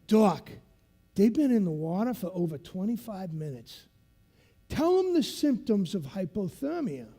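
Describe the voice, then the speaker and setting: A man acting out a taunting male drill instructor who shouts through a megaphone. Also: high-pitched, big pitch swings, a little slow, exaggerated voice.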